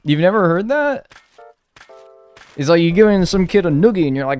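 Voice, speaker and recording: Lively rambling man commenting on gameplay. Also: high voice, normal speed, pauses often, smooth, soft background music. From North America. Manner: rambling, joking, with sudden loud yelps. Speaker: streamer playing a life-sim game. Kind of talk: casual live gameplay commentary.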